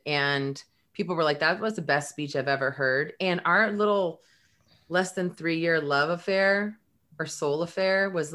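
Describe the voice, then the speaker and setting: A middle-aged woman, a guest, telling an emotional personal story and acting out the dialogue in it. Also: sits low. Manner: animated, acts out quoted dialogue.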